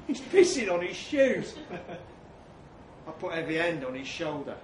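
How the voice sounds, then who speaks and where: A man's voice: mid-range voice, animated, normal speed, a little hiss or hum. A man reading a crude comic story to a laughing audience, acting out blokes' lines with swagger. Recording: echoey room from far off.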